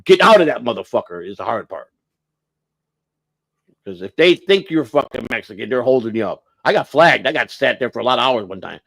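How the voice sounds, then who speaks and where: Brief: American man hosting a livestream, lively pitch, dry close sound, profane and rambling. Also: a little fast, gravelly, dry recording. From United States. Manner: rambling, blunt, swears freely, stumbles and restarts. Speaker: livestream host. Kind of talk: casual livestream chat.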